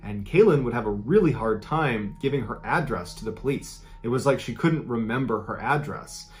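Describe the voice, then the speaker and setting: A man's voice: mid-range voice, lively intonation, normal speed. A man narrating a true story in a dramatic storytelling style. He acts out quoted lines with a raised voice. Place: played from an original video inside a reaction video.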